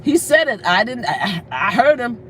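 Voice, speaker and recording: A woman hosting a casual live stream. She talks in an outspoken, animated way, swears freely, slips into laughter while telling stories and sometimes loses track of names. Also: a little high, moderate pace, a little hiss or hum, low-quality recording. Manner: breaks into laughter while storytelling. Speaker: livestream host.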